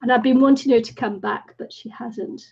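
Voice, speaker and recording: A woman's voice: on the high side, fairly even intonation, a little fast, vocal fry, breathy edge, highs cut off. A woman from New Zealand hosting a casual craft livestream chat, chatty and laughing often. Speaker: livestream host.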